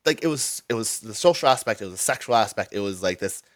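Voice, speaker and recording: A man's voice: fairly low pitch, animated, quick pace, no room sound. A man telling a long story as a guest in an interview, rambling with lots of "like" and restarts.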